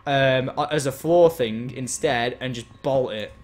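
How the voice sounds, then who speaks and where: A man chatting casually as he plays a game, explaining and getting excited as he goes. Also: medium pitch, a little slow. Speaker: gaming host. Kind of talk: casual chat while gaming.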